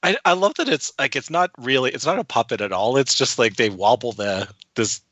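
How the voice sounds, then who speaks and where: Man, podcast co-host, enthusiastic, animated intonation, bright voice. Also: mid-range voice, fairly quick, dry recording, muffled recording. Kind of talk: casual film discussion.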